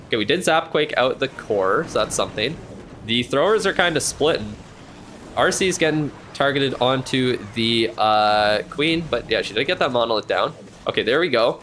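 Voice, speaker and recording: A man calling a match live in loose, chatty play-by-play. His voice sits at an ordinary middle pitch, and he jumps on every turn with quick, excited reactions and a casual swear now and then. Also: slight background noise. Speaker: streamer commentating a match.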